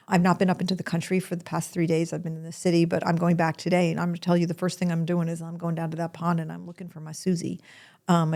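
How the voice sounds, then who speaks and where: A woman's voice: on the low side, a little mellow. An older woman hosting a podcast, telling a personal story in a candid, emotional way. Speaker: podcast host.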